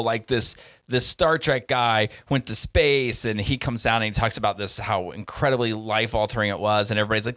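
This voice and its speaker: A man co-hosting a podcast, chatting casually and telling stories full of quick asides. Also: on the low side, fairly bright tone, no echo, clean studio sound. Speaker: podcast co-host. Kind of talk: casual chat.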